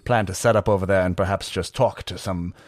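A man's voice: deep voice, fairly even intonation, fairly quick, no echo, pitched below the performer's own voice. A man voicing a proud, armored male warrior in a tabletop game, stiff and formal with some hesitations.

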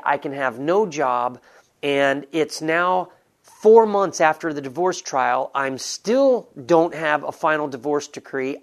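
Man, sermon testimony, earnest, storytelling, gravelly, slightly high pitch. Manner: earnest, storytelling, direct to listeners. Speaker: preacher giving testimony. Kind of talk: sermon-style personal testimony.

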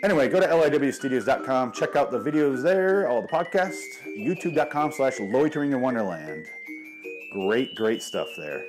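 A man's voice: mid-range voice, expressive, moderate pace, over music. Sarcastic, foul-mouthed male ranter. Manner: sarcastic, swears constantly, rambling asides. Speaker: comedy podcast host. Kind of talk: profane comedic rant.

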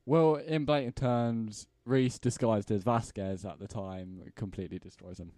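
Hesitant, low-voiced man podcast guest. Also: mellow, dry recording. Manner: hesitant, halting, with dry humour. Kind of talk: casual chat.

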